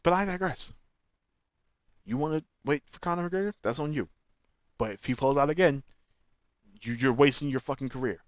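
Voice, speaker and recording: A man hosting his own channel, giving opinionated, animated fan commentary in slangy casual speech. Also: fairly high pitch, moderate pace, long pauses, no echo, studio quality. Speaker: channel host.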